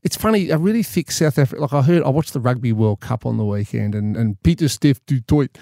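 A man in his fifties co-hosts a casual chat. He rambles, jokes and repeats his words. His voice sits at a middling pitch, heard close and dry with no room sound. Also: a little fast, vocal fry, warm tone, dry recording. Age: 50s. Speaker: podcast co-host.

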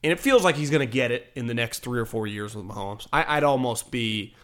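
A man talking casually about football, animated, swearing now and then and acting out quotes. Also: mid-range voice, brisk. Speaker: sports talk show host. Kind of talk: casual sports chat.

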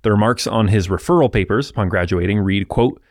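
Low-voiced man explaining history casually. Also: fairly quick, no echo, studio quality. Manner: relaxed, explanatory, with asides to the listener. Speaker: history podcast host. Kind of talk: conversational history narration.

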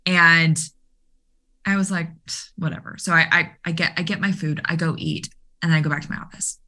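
A woman with a low-pitched but bright, forward voice, telling a coaching story in casual conversation. She talks animatedly, leans on fillers, and acts out both sides of the dialogue she recounts. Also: steady tone, brisk. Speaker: guest, mental performance coach for baseball players.

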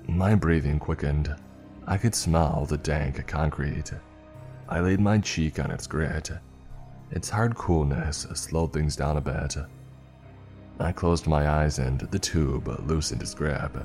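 Brief: male narrator with an extremely deep voice, measured and tense, faint music under him. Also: mellow. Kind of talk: first-person scripted story narration.

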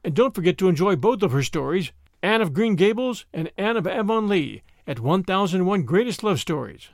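A man narrating a classic short story in an expressive, measured storytelling manner. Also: high voice, no room sound, studio quality.

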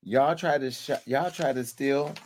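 A man hosting a call-in talk show, joking and animated as he chats and laughs often. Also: mid-range voice, unhurried, a little hiss or hum. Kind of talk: casual chat.

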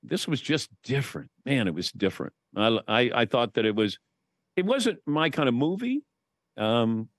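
A man's voice: mid-range voice, normal speed, dry recording. A man telling stories as a guest in a casual podcast chat, swearing casually now and then. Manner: storytelling, lively, swears casually.

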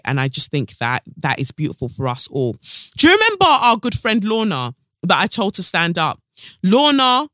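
A gossip vlogger who reads news stories aloud, then rants about them in an animated, sassy, profane way. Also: mid-range voice, no echo, studio quality.

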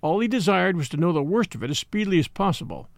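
A man narrating a classic story in an expressive reading, voicing the characters. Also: sits high, quick pace, creaky, dry recording, studio quality. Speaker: audiobook narrator.

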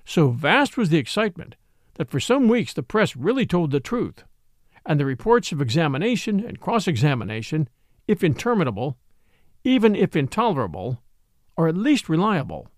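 A man narrating a mystery story aloud in an expressive storytelling style. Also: a little high, normal speed, no room sound, studio quality. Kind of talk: scripted audiobook narration.

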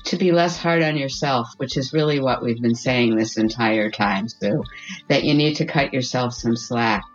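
Low-voiced woman giving parenting advice. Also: moderate pace, muffled recording, soft background music. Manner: earnest, reassuring, tags points with "okay?" and "you know what?". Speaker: parenting expert guest. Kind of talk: advice-giving podcast conversation.

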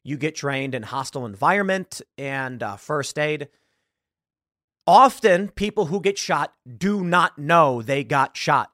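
A man hosting a casual commentary show, reacting to a video in an animated way, often laughing and acting out lines. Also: fairly high pitch, unhurried, no echo, studio quality. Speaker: host.

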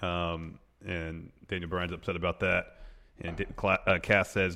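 A man's voice: deep voice, flat delivery, a little slow, vocal fry, sharp tone. A man co-hosting a podcast who recaps wrestling events step by step in an easygoing, casual way. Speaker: podcast co-host.

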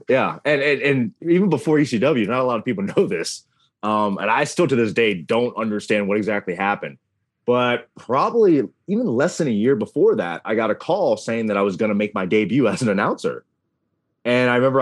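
A man's voice: fairly low pitch, brisk, no echo, clean studio sound. A man in his thirties, a wrestling announcer as a podcast guest, telling stories in a casual interview and acting out dialogue along the way. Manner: animated storyteller, acts out dialogue.

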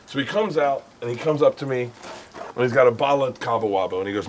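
A man's voice: mid-range voice, steady tone, racing. A man hosting a cooking show, chatting casually and telling anecdotes with laughter. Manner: laughs often, tells anecdotes with quoted lines. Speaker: show host. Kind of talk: casual chat while cooking.

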